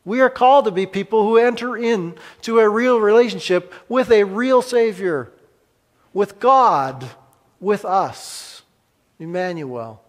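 A male pastor delivering a sermon in a fairly high voice, leaning hard on some phrases and dropping to near hush on others. Long reverb from a large hall hangs after his words, as if in a church sanctuary. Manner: dramatic pauses, swings from emphatic to hushed.

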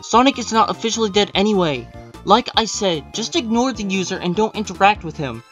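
A man with a fairly high voice delivers sarcastic, exasperated vlog commentary, reading out online posts and mocking them. Faint music plays under his voice. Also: expressive, brisk, fairly bright tone.

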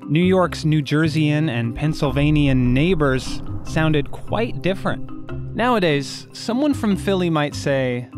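A man narrating a scripted explainer in a clear, measured way. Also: a little high, expressive. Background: background music.

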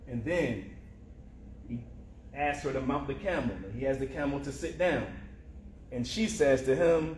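A male preacher telling a story in a slow, deliberate sermon style. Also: medium pitch, darkish tone, slight background noise. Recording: roomy echo.

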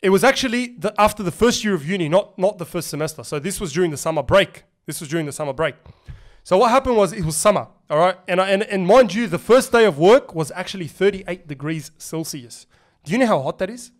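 A young Australian man hosting a podcast, telling a story in animated, slangy casual chat full of swearing. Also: high voice, fast talker. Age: young adult. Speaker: podcast host.

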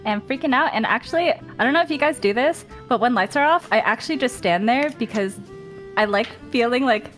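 A woman's voice: fairly high pitch, fairly quick, a bit bright, soft background music. A woman in an online gaming voice chat, rambling through her explanations. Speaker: player in a social deduction game.

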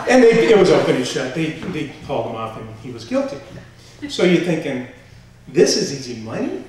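A man telling a personal story on stage to a live audience, animated and full of fillers, acting out quotes as he goes. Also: a little high, brisk, a little hiss or hum. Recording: echoey hall from far off.

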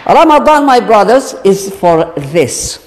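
A man teaching a congregation in a religious lecture, stretching out key words slowly and posing rhetorical questions to his listeners. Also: high voice, big pitch swings, a little hiss or hum. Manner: slow, drawn-out emphasis with rhetorical questions. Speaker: Islamic teacher. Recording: long reverb of a large hall.

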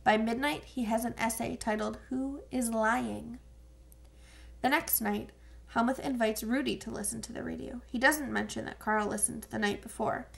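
A woman reads an audiobook in a steady, measured manner. Her voice sits a little high and has a gravelly texture. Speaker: audiobook narrator. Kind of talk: audiobook narration.

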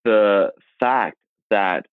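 A man's voice: lowish voice, drawn-out words, clear, resonant tone, dry recording. A man from China, a guest actor in a podcast interview, speaking earnestly and emphatically with rhetorical questions. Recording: tinny phone-like remote line.

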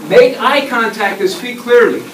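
A middle-aged man giving an energetic, interactive presentation to a school class, often asking the children questions. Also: very high voice, moderate pace. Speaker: guest presenter. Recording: echoey classroom taped from far off with noise.

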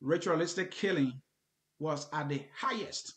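A man's voice: fairly high pitch, unhurried, fairly bright tone, roomy sound. A man co-hosting a heated debate, emphatic and firmly repeating his claims.

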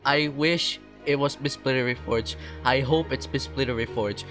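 A young man hosting a gaming vlog, melodramatic, going from nervous pleading to loud, frustrated ranting. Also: mid-range voice, moderate pace, soft background music. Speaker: gaming video creator.

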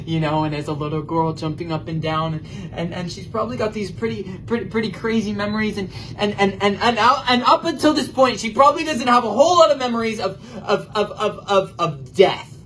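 High-voiced impassioned man preaching a sermon. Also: fairly quick, hardly any pauses, slight background noise, low-quality recording. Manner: impassioned, swinging from loud bursts to hushed near-whispers; earnest and prayerful.

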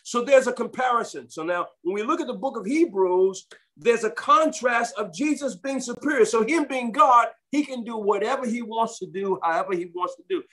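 High-voiced preacher, emphatic. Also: male voice, moderate pace, a bit bright. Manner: reads scripture aloud and breaks in with comments; emphatic, repeats phrases for stress. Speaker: pastor. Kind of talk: sermon.

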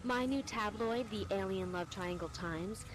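An actress voicing an eager woman tabloid publisher with a bright, salesy delivery. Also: medium pitch, a little slow, natural voice, low-quality recording.

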